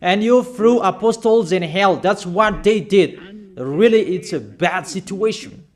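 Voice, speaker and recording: A man preaching a sermon in emphatic, repetitive English with halting, non-native phrasing, firing questions at his listeners. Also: high-pitched.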